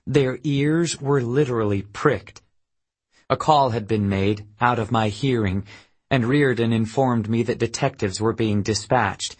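Male audiobook narrator, slow and husky, dry wry first-person storytelling. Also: medium pitch.

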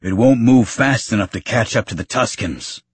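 A man's voice: on the low side, big pitch swings, a little slow, husky, dry recording, exaggerated voice. A man voicing a wounded older farmer who bellows his protests, his voice rising frantically. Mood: protesting.

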